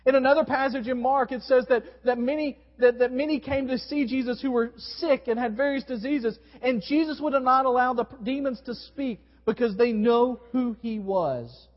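A man preaching a sermon to his congregation, with wide swings in pitch and volume. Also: moderate pace, few pauses. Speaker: pastor. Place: church sanctuary. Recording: dull recording in a long-reverb hall.

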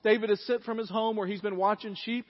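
A man's voice: high-pitched, steady tone, fairly quick, big-room sound, highs cut off. A male pastor preaching a sermon to his congregation in a folksy, conversational way, with asides to the listeners. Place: church sanctuary.

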